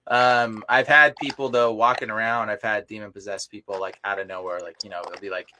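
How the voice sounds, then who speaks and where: A young man chatting casually on a podcast as a deliverance minister, telling animated stories full of filler words. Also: lowish voice, brisk. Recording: noisy live recording with clicks.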